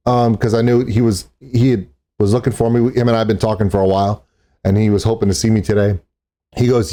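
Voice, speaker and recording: A man's voice: medium pitch, fairly even intonation, fairly quick, dark tone. A man chatting casually as a vlogger, self-deprecating and talkative. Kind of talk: casual vlog narration. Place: outdoors in a parking lot.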